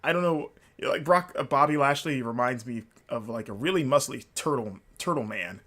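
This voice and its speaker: A man's voice: medium pitch, lively intonation, normal speed, a bit bright. A man hosting a casual solo podcast, rambling and enthusiastic, with lots of fillers and restarts. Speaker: podcast host.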